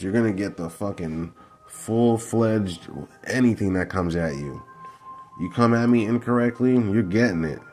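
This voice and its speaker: Low-pitched and slightly mellow, this man's voice drives a fiery, foul-mouthed, argumentative breakdown of football game film for his analysis vlog.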